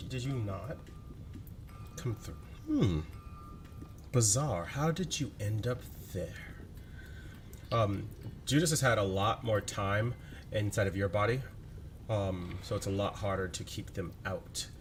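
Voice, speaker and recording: A man's voice: fairly low pitch, slow, long pauses, slight background noise. A man narrating and running a tabletop role-playing game, laughing often as he talks. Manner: laughs often, relaxed storytelling. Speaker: game master.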